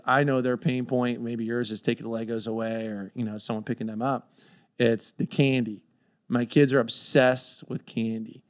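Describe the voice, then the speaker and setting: A man in his thirties chatting on a podcast, telling lively stories and acting out the voices of the people in them. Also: mid-range voice. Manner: animated storyteller, acts out voices in quotes. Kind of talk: casual chat.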